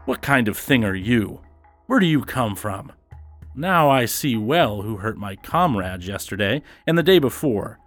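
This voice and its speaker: Man doing a rough, stern young fellow. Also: mid-range voice, animated, measured pace, soft background music, natural voice. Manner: rough, scolding.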